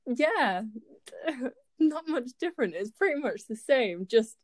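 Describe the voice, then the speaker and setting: A woman's voice: sits high, animated, slow pace, no room sound, studio quality. A woman in her twenties from Yorkshire, a student chatting as an interview guest, with frequent ums and easy laughter. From Yorkshire, England. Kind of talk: casual interview chat.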